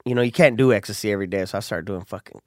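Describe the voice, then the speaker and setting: A man's voice: on the low side, racing, darkish tone, no echo, studio quality. A man who is a comedian, chatting casually in laid-back slang, calling people homie and laughing often. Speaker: comedian guest. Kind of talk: casual chat.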